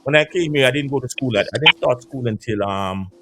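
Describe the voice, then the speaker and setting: A man in his fifties from an island, telling stories in casual chat in a barbershop. He talks in an animated way, swears, and often repeats and restarts his words. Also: medium pitch, brisk, noisy background. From Caribbean island. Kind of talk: casual storytelling.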